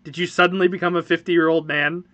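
Teasing man with a bright voice. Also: fairly high pitch, flat delivery, fast talker. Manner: teasing, dry humor. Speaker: podcast host, parent. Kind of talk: casual family podcast chat.

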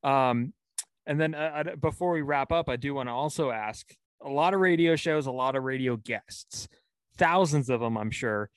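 A man's voice: mid-range voice, moderate pace, no room sound. Male host, dry close sound, loose rambling questions. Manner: rambling, searching questions with fillers. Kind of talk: casual interview.

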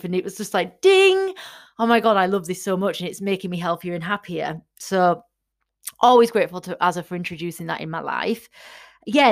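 A woman, chatty and enthusiastic, casually telling her personal fitness story to her followers. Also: fairly low pitch. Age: 30s. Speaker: fitness vlogger.

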